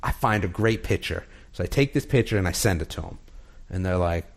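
Animated man telling a funny story. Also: lowish voice, brisk, breathy edge. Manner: animated storyteller, acts out quoted voices, laughs often. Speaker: podcast guest telling a trip story. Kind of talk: casual podcast chat.

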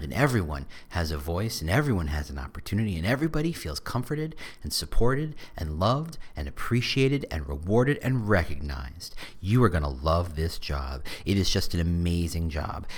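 A man voicing an overeager male recruiter who piles on praise for a dream job in an over-the-top sales pitch. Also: lively intonation, moderate pace. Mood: gushing.

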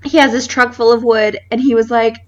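A woman in her thirties co-hosting a podcast, telling a funny story in casual chat, animated and laughing often. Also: fairly high pitch, brisk, muffled recording. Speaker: podcast co-host.

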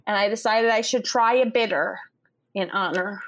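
A woman's voice: medium pitch, moderate pace. A woman co-hosting a podcast in casual chat over drinks, chatty and meandering, trailing off and restarting with light laughs. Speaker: podcast co-host.

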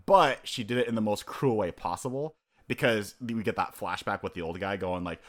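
This co-host's pitch is fairly low and he talks slightly quickly in a casual podcast chat. Animated throughout, he voices characters' lines and his own responses, breaking into laughter often.

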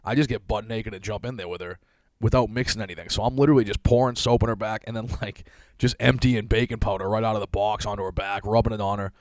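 A man's voice: lowish voice, fairly even intonation, fast talker, darkish tone, no echo. Profane, rambling man in his thirties. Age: 30s. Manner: rambling, profane, self-deprecating storytelling; laughs often while telling stories. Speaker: podcast host. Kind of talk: casual solo podcast monologue.

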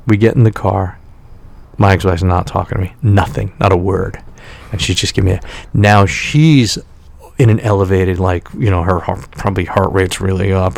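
A man's voice: lowish voice, vocal fry, a little mellow, no echo. A man in his forties casually telling a personal story, candid and self-critical, acting out the exchanges he quotes.

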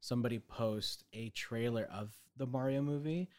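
A man hosting a podcast in casual chat, talking quickly and playfully, often laughing and rambling. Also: medium pitch, darkish tone. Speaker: podcast host.

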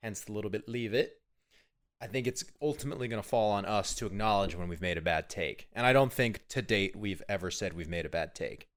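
A man co-hosting a casual sports podcast, pitching segments and teasing his co-host. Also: a little fast. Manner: upbeat, promotional, teasing. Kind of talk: casual chat.

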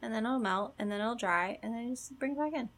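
A woman's voice: on the high side, a little fast, a bit bright. A young woman chatting casually with friends in an easygoing, matter-of-fact way. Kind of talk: casual chat among friends.

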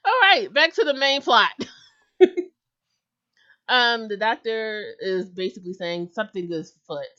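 A woman's voice: on the high side, animated, measured pace, bright, forceful tone, muffled recording. A woman co-hosting a casual podcast chat, talkative and giggly, full of filler words. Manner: chatty, giggly, lots of "like" fillers. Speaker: podcast co-host.

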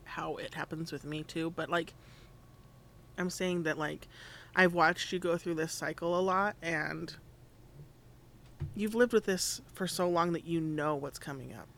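Easygoing man with a slightly high voice. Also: unhurried, creaky, pauses often, sharp tone, slight background noise. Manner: easygoing, reflective, lots of "like" fillers. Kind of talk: casual chat.

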